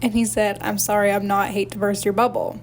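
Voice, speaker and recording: A woman's voice: level tone, fairly quick, a little hiss or hum. A young woman co-hosting a podcast in casual chat, giggling, swearing and acting out quotes. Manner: giggly, swears a lot, acts out quotes in high voices. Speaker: podcast co-host.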